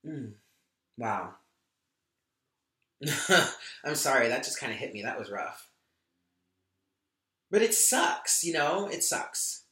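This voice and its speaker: A man talks through a tarot reading to his viewers, open and emotional, with casual swearing. His voice is bright and sharp-edged, and the room around him echoes. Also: medium pitch, sing-song, slow, pauses often. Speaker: tarot reader.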